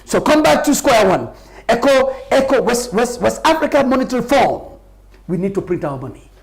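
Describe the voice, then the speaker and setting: A middle-aged man from Gambia argues his case in a live interview. His voice is gravelly and his delivery emphatic and impassioned. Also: very high voice, big pitch swings, moderate pace. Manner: emphatic, passionate, laughs often. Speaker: party official as guest.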